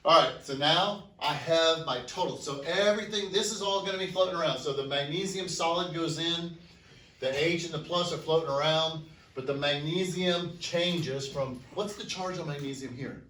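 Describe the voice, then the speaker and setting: Recorded from across an echoey classroom with slight background noise, a high school chemistry teacher lectures in a fairly high, fairly bright voice at a moderate pace. He puts questions to the students and answers them himself.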